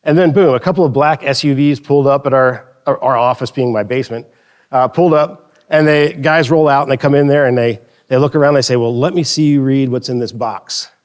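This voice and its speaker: A man's voice: mid-range voice, a little fast. A man presenting a conference talk on stage, telling anecdotes in a casual, joking way with frequent restarts. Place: stage in front of an audience.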